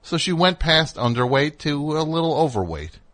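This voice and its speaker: A man's voice: on the high side, big pitch swings, moderate pace, fairly bright tone. A man hosting a comedic call-in radio show, ranting in a rambling, indignant way.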